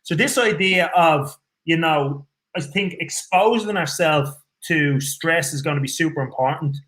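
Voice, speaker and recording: Guest spot: Irish man, lively swearing storyteller, slightly higher-pitched voice. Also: measured pace. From Ireland. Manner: swears freely, animated storyteller. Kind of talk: casual storytelling chat.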